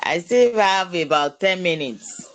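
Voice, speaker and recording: A woman's voice: on the low side, animated, measured pace. A woman student answering her tutor briefly in an online lesson, heard from some distance.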